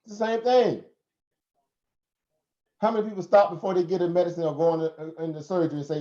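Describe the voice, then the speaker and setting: A man's voice: on the high side, steady tone, brisk, long pauses, mellow. A man with a Southern American accent hosting a casual live stream, talking in a preachy way with rhetorical questions and frequent laughs. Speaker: host. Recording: roomy, dull lo-fi stream audio.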